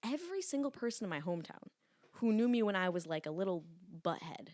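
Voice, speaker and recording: A woman's voice: medium pitch, quick pace, dry recording. Young woman guest, candid and rambling, dry close sound. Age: about 20. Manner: chatty, animated storytelling with frequent "like" and swearing. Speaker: podcast guest, lifting influencer. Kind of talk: casual candid chat.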